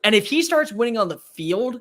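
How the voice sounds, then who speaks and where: High, animated male sports talker. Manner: animated, emphatic, rapid-fire opinions. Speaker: sports talk show co-host. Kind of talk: sports talk chat.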